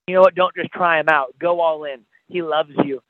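A man's voice: fairly high pitch, fairly even intonation, moderate pace, dry recording. A man, an evangelist, preaching with impassioned, pleading, repetitive calls on a podcast. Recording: tinny phone-line sound, dry.

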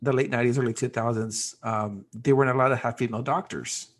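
A man co-hosting a podcast in casual political chat, throwing in deadpan jokes. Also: mid-range voice, fast talker. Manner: joking, deadpan wisecracks. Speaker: podcast co-host.

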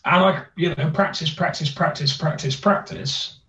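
A man's voice: fairly high pitch, normal speed, sharp tone, dull audio. Bristolian man, roomy distant sound. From Bristol, England. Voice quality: thick accent. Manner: rambling, hesitant, many restarts and fillers. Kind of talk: casual chat.

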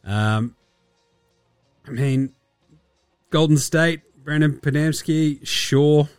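Sarcastic Australian podcast host. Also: male voice, on the high side, clear, resonant tone, no echo, faint music behind. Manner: sarcastic, profane, mimics players in quick asides. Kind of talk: casual basketball chat.

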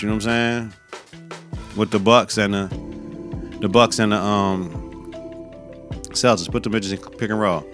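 A man's voice: medium pitch, fairly bright tone. Profane, slangy man talking sports. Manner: loose, profane, slangy, conversational. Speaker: podcast host. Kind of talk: casual sports talk.

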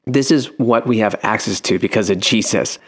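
Low-voiced man hosting a faith radio show. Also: moderate pace, slightly rough. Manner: affirming, brief encouraging responses.

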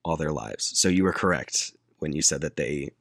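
A man casually retelling a movie plot to a friend, laughing often and quoting characters in a flat deadpan. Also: extremely low pitch, moderate pace, vocal fry, no echo, studio quality. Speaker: podcast co-host retelling a movie. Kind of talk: casual chat.

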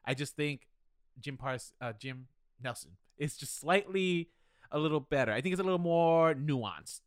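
A man with a fairly high, lively voice co-hosts a podcast at normal speed, sharing candid, opinionated film takes in casual conversation. He's self-deprecating and admits his own bias. The sound is dry and clean, studio-made.

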